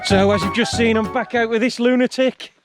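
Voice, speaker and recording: A man's voice: extremely high pitch, fairly even intonation, a little fast, over loud music. A British man narrating a hiking vlog outdoors on a countryside trail, chatty and jokey. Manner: chatty, jokey, self-mocking. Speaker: hiking vlogger.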